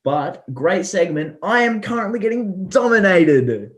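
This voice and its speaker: A man's voice: sits high, big pitch swings, measured pace. A young man co-hosting a casual sports podcast, giggly and playful as he quizzes his friend. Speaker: podcast co-host.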